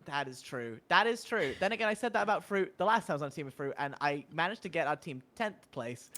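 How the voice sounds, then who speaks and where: A man's voice: on the high side, animated, quick pace, bright, forceful tone. A young man chatting casually with a joking, self-deprecating manner, as a guest on a gaming stream. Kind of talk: casual chat.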